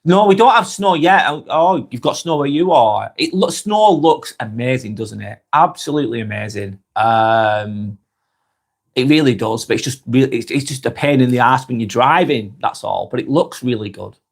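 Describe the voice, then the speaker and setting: His voice is medium-pitched, expressive and gravelly, moving at a moderate pace. He's a live vlog host from northwest England with a Lancashire accent (Blackburn, Darwin), chatting in a friendly way as he reads viewer comments aloud on a casual stream.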